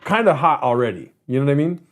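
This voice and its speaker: A man in his thirties hosts a stream and tells his live chat a rambling, profane story, often cutting himself off. His mid-range voice has a darkish tone, lively intonation and a normal pace.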